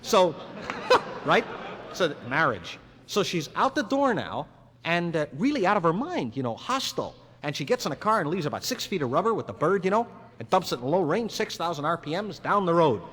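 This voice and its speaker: A man's voice: on the high side, big pitch swings, normal speed, background noise. Man telling jokes in a reverberant hall. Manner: conversational, rambling, acts out dialogue. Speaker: stand-up comedian. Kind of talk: live stand-up monologue. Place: live venue with audience. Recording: 1961 live album, long hall reverb, faint ambience.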